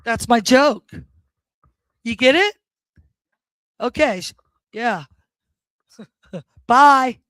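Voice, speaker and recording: A woman's voice: fairly high pitch, animated, drawn-out words, pauses often, fairly bright tone, no room sound. A woman doing an awkward, self-deprecating stand-up set at an open mic.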